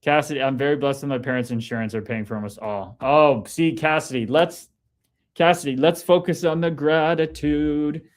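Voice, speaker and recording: A man's voice: fairly high pitch, moderate pace. A man hosting a casual livestream, reading viewer comments aloud, swearing freely and cheering his viewers on. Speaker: livestream host reading chat.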